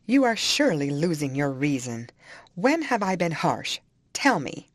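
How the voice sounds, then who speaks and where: A woman reading an audiobook, voicing a proud, sharp-tongued young lady of the house who speaks scornfully and emphatically. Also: sits low, big pitch swings, measured pace, no room sound, exaggerated voice.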